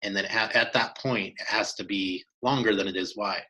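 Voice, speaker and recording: A man, co-hosting a podcast, telling a hunting story in an animated way with many restarts. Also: on the low side, normal speed, rough recording. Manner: animated, acts out quoted dialogue, many restarts. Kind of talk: casual storytelling chat.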